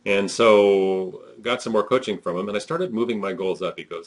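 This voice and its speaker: A man's voice: lowish voice, moderate pace. A man giving a conversational, emphatic motivational talk as a network marketing trainer, with frequent fillers.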